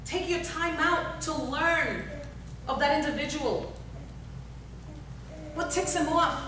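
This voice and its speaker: Slow and pitched high, a woman speaks with a sharp tone over slight background noise. She is giving a motivational workshop talk in a large hall, exhorting her audience with repeated calls and questions. The hall echoes, and she stands far from the recorder.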